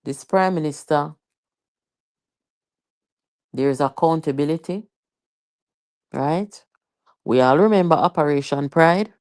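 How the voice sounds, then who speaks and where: A woman's voice: low voice, slow, pauses often, darkish tone, no room sound, studio quality. A Jamaican woman hosting a live political commentary stream, chatty and emphatic, with rhetorical questions and patois asides.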